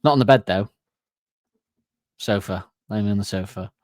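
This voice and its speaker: A man's voice: lowish voice, normal speed, dry recording, clean studio sound. A man co-hosting a comedy podcast, laughing often and acting out silly cartoon voices as he picks apart song lyrics. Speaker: podcast co-host.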